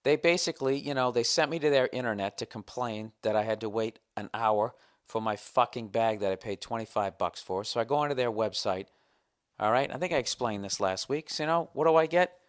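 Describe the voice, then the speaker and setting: A man hosts a podcast and rants through a comedic monologue, swearing freely. He slips into a stiff, mock-formal tone when he reads his own letter aloud. His voice is smooth and resonant, pitched in the middle. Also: fairly quick. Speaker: podcast host.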